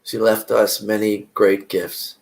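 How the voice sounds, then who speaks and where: A man reading a play aloud, playing a weary small-town doctor who speaks earnestly and with measured care. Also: on the low side, flat delivery, vocal fry.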